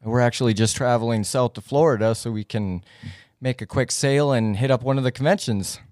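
A man's voice: mid-range voice, fairly quick, a little mellow, no room sound, clean studio sound. A man playing his character in a tabletop game, goofy and jokey. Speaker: player.

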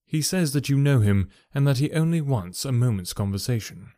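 A man's voice: medium pitch, animated, normal speed, mellow, dry recording, studio quality, close to an everyday voice. A man voicing a young housemaid who answers briefly and matter-of-factly in a storybook reading. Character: young housemaid, plain and dutiful. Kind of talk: audiobook character voice.

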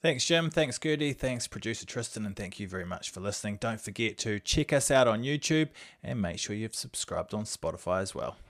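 Upbeat lower-voiced man signing off a podcast. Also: expressive, a little fast, few pauses, a bit bright. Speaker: podcast host. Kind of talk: casual chat, show sign-off.

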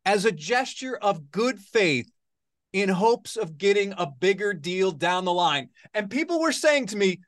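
A man co-hosting a sports podcast relays what others told him in an animated voice that swings up and down. The sound is dry and close, with no room echo. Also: high voice, a little slow. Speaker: podcast co-host. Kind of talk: casual sports podcast talk.

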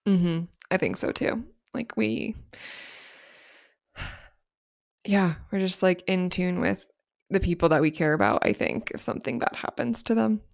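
Low-voiced chatty woman co-host. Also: animated, creaky. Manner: quick to react, chatty, swears casually. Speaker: podcast co-host. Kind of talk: casual chat, reading listener stories.

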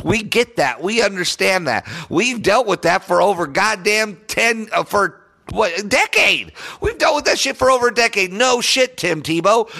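A man's voice: sits high, gravelly, pushed and bright. A man hosting a solo sports podcast, ranting in a heated, profane and sarcastic way.

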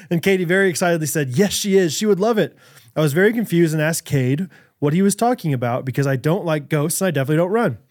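Lively, laughing American podcast co-host man. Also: fairly high pitch, fast talker. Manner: animated, laughs often, bursts into loud movie-quote impressions. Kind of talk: casual chat.

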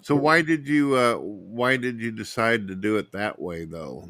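Man, host, casual chat, blunt, forceful, low-pitched. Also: lively intonation, unhurried, few pauses.

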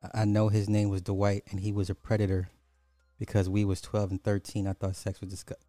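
A man's voice: fairly low pitch, completely flat delivery, a little fast, warm tone, dry recording, soft background music. A man giving reaction commentary, rambling and trailing off mid-sentence.

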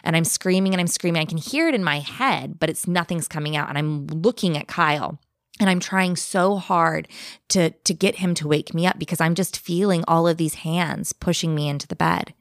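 Woman with a lowish voice telling a creepy story, lively, dry close sound. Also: no room sound. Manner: animated, vivid, speeds up and slows down for effect. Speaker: guest telling a ghost story. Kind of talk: casual storytelling.

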